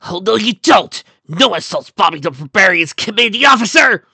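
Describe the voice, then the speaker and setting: A man voicing a brash young male barbarian marine who shouts boasts about himself. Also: high-pitched, big pitch swings, fast, no echo, voice pushed up, full character voice. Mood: boastful. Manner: shouted boasts, calls himself in third person.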